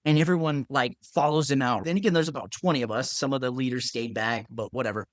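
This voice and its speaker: A man, a pharmacist, telling a story in a casual, animated way, acting out other people's lines and saying "like" a lot. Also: medium pitch, fast talker, no room sound, clean studio sound.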